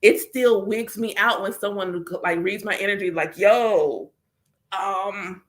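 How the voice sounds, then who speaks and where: A woman's voice: medium pitch, normal speed, fairly bright tone. A woman talking casually and candidly about her spiritual practice as a reader and teacher, with lots of "like" and voiced quotes of her prayers. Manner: candid, chatty, full of filler "like".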